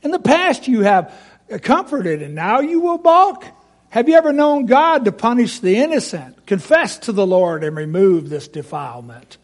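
A man's voice: high-pitched, very animated, moderate pace, pitched above the performer's own voice. A man voicing Eliphaz, a reproachful friend, in rhymed verse. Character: Eliphaz, scolding friend of Job.

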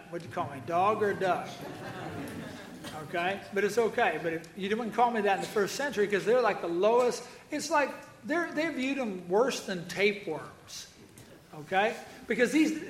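A man's voice: sits high, fairly bright tone, reverberant, a little hiss or hum. A man preaching a sermon, folksy and joking, with asides to members of the congregation. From Iowa. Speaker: pastor.

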